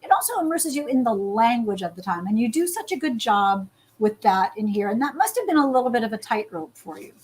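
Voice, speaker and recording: A woman's voice: fairly high pitch, expressive, a little fast, few pauses, a little mellow, slightly rough, poor audio. Upbeat woman hosting an author interview. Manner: enthusiastic, effusive. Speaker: interviewer, host. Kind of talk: live online author interview.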